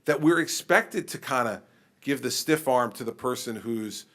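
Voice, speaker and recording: A middle-aged man who is a governor, answering a question at a public forum in an animated, conversational way. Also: mid-range voice, normal speed. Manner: animated, conversational, acts out exchanges with people.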